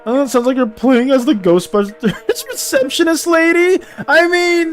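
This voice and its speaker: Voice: high voice, moderate pace, few pauses, faint music behind. A streamer chatting casually with viewers while playing and reading game text aloud.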